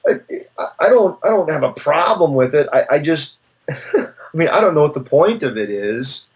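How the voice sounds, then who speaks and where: A professor with a high-pitched, very animated voice talks through philosophical ideas at a moderate pace in a lo-fi conversational interview. He searches for his words, often restarts, and reaches for stories to make his points.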